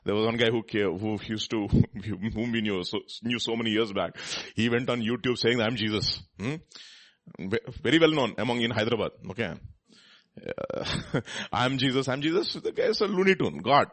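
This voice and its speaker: Guy preaching a bible sermon, husky voice, swings up and down a lot. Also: on the low side, normal speed. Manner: animated, asks the crowd questions, reads scripture aloud.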